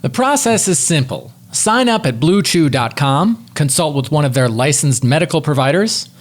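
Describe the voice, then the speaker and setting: Casting: fairly high-voiced man, upbeat podcast ad read. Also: big pitch swings, moderate pace. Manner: upbeat ad reading. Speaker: podcast co-host. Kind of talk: read sponsor ad.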